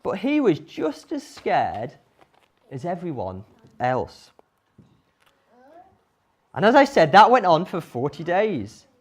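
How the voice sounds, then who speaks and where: A woman tells a Bible story to children with animated energy and frequent questions to her listeners. Her pitch moves widely and expressively. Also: takes it slowly, pauses often, breathy edge. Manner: animated, asks the audience questions.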